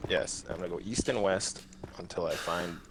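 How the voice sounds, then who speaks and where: A man's voice: sits low, moderate pace, noisy background. A man hosting a casual gaming stream, joking crudely and swearing freely. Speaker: streamer host.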